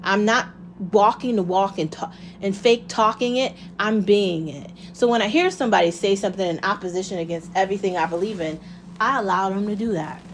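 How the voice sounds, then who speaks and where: A woman's voice: mid-range voice, brisk, slight background noise. Impassioned woman ranting casually. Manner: impassioned, swears freely, rhetorical questions. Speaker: vlogger. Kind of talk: casual monologue.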